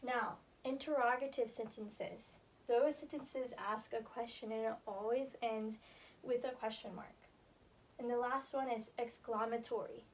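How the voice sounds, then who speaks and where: A young woman teaching a classroom grammar lesson, encouraging and slow-spoken as she writes on the board. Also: a little high, steady tone. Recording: distant camera with faint room noise.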